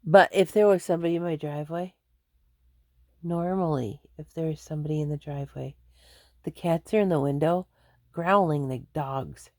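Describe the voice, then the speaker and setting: A woman's voice: deep voice, normal speed, darkish tone, dry recording. A woman chatting casually to her viewers from home, rambling and laughing often. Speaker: vlogger. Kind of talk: casual chat to camera.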